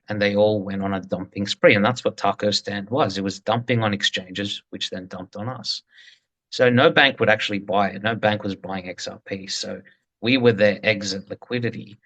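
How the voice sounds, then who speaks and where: Man co-host, bright forceful tone, indignant and emphatic in casual chat. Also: on the low side.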